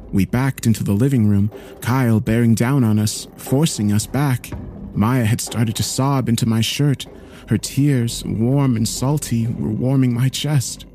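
A man narrating a horror story in a slow, grave storytelling manner. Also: mid-range voice, dark tone, a little hiss or hum.

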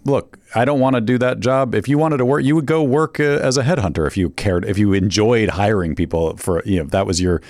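A man's voice: on the low side, fairly quick, hardly any pauses, a little mellow, dry recording, studio quality. A man co-hosting a podcast, chatting in easygoing, playful banter. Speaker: podcast co-host. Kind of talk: casual comedic chat.

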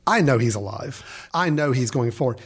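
A man in casual conversation, giving measured, opinionated takes on a film and explaining his reasoning. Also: mid-range voice, lively intonation, breathy edge. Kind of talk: casual movie discussion.

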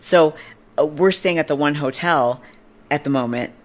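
Woman in her 30s, low voice, podcast host, animated snarky storyteller. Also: normal speed. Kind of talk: casual storytelling.

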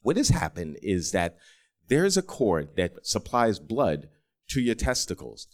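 A man playing a calm male emergency-room doctor who explains a surgery matter-of-factly. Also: on the low side, unhurried. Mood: explaining.

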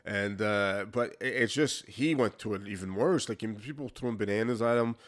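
A man's voice: on the low side, moderate pace. Man telling candid hockey stories. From Quebec, Canada. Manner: candid, frequent restarts, acts out quoted exchanges. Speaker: former hockey player, guest. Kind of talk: casual interview storytelling.

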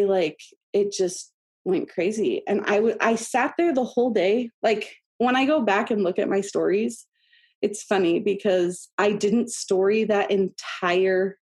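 A woman in her thirties, an interview guest, telling a personal story in a chatty, animated way with many fillers and laughs. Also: mid-range voice. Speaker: podcast guest.

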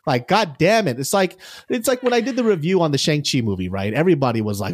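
Blunt, animated, swearing podcast host. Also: male voice, fairly high pitch, fast, hardly any pauses, dry recording. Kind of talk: casual podcast chat.

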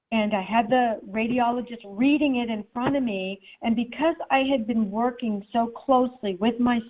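A woman, a guest author, telling a personal story in an interview and acting out the people in it. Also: mid-range voice. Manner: animated, acts out the people in her story. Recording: tinny phone-like line.

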